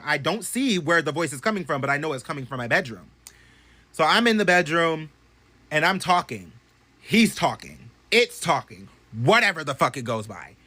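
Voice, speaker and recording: A young man casually telling a story to his phone camera at home, animated and profane, swinging from loud bursts to hushed asides. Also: on the high side, moderate pace. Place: bedroom at home.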